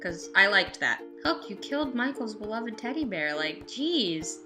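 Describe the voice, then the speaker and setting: A woman's voice: medium pitch, big pitch swings, a little slow, music in the background. A woman giving a casual review vlog, chatty and talking back to the characters with mock scolding. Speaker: vlogger reviewing a TV musical.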